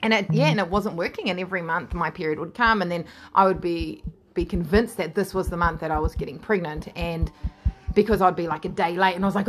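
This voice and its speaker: A woman's voice: on the low side, fairly even intonation, brisk. Frank, laughing New Zealand woman. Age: 30s. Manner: frank and laughing, swears freely. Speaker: interview guest. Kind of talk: candid storytelling.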